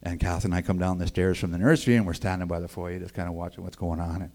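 A man with a low voice talks fast as he shares his life story as a casual, folksy faith testimony. He's animated, acting out the voices of other people in the story and tossing in phrases like "man" and "boy, I tell you."

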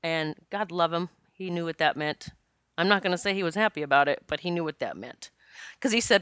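A woman's voice: lowish voice, expressive, fast, sharp tone, smooth, dry recording, clean studio sound. A woman telling a personal story in a candid, casual way, laughing often and swearing freely.

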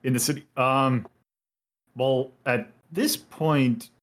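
A man running a tabletop role-play game as game master. He explains the setting hesitantly, with many fillers and restarts. His voice sits at an ordinary middle pitch. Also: steady tone, slow pace. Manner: hesitant, full of fillers, explains rules at length.

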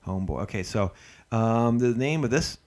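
A man co-hosts a casual podcast chat and makes his points emphatically. He reads verses aloud at a quick clip and laughs often. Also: mid-range voice, animated, darkish tone. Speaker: podcast co-host.

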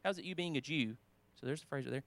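A man's voice: medium pitch, rapid-fire, dry recording. Conversational male preacher, shifting volume. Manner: conversational, with frequent restarts and quoted scripture; swings between emphatic and quiet, almost whispered asides. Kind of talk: sermon.

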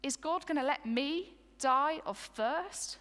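Woman preacher doing Moses as an exhausted, pleading leader; bright tone, reverberant room. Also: high voice, takes it slowly. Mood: exasperated. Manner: first-person storytelling, exasperated and pleading. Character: Moses, weary exasperated male leader of a grumbling people.

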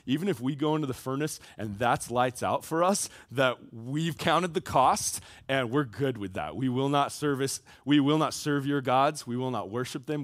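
A youth pastor, a man, preaching to high schoolers in a casual, conversational way, full of asides and checks for agreement. His pitch rises and falls a great deal as he tells the story. The delivery is relaxed and chatty. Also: no room sound.

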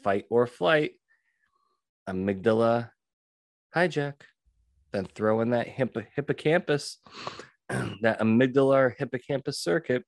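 A man hosting a solo podcast, talking emphatically, repeating key phrases and often clearing his throat. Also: mid-range voice, a little slow, long pauses, no echo, clean studio sound. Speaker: podcast host and witness trainer.

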